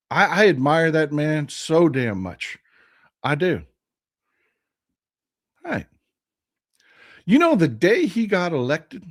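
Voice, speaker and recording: A hoarse man hosting a live political stream, his strained voice sitting a little high. He talks with fervent repetition, speaking straight to the people in his chat. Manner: impassioned, repetitive, addresses the chat directly. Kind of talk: casual political talk.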